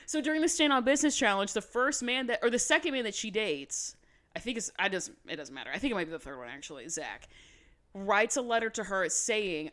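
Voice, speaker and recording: A woman co-hosting a podcast, recapping in casual chat with animated, swear-filled asides. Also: fairly high pitch, fairly quick. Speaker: podcast co-host.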